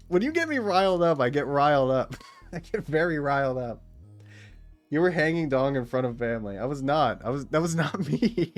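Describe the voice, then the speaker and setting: An excitable young streamer talks in a fairly high voice, ranting and laughing as his pitch leaps when he gets riled. Faint music plays behind him. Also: moderate pace. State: out of breath. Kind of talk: casual stream chat.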